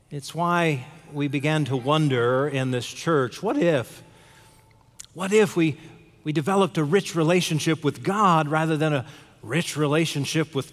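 A male pastor giving a conversational sermon in a church, asking the congregation questions. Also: on the high side. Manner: conversational, asks the audience questions. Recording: long hall reverb.

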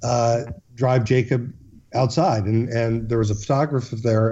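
A man's voice: medium pitch, fairly even intonation, measured pace, mellow, muffled recording, a little hiss or hum. A man, a guest in an interview, telling a long story earnestly, with frequent restarts and fillers.

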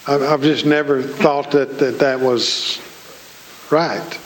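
Slow folksy preacher man. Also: medium pitch, steady tone, a little hiss or hum, poor audio. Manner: folksy, slow, joking with the congregation. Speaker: pastor. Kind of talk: sermon. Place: church.

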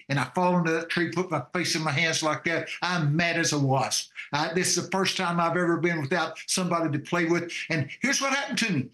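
An older man from Texas with a Texan accent, telling a personal story on a call-in show, animated and acting out voices with many fillers. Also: high-pitched, reverberant. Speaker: show co-host.

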